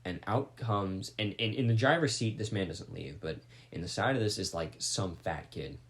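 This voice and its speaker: A man's voice: lowish voice, normal speed. Profane young man telling a story. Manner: rambling, profane, animated retelling. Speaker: podcast co-host telling a story. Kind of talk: casual storytelling chat.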